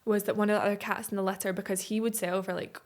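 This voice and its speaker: A woman's voice: mid-range voice, racing. Chatty young Scottish woman. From Scotland. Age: 20s. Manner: chatty, animated storyteller, laughs often. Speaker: podcast guest. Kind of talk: casual chat.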